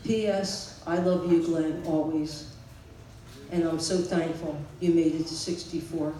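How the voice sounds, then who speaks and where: A man in his sixties giving a tribute speech for his brother, telling stories in a halting way, with fillers and chuckles. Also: fairly high pitch, fairly even intonation, dark tone. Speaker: family member giving a eulogy. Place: memorial gathering in a large hall. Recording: echoey hall from far off, noisy.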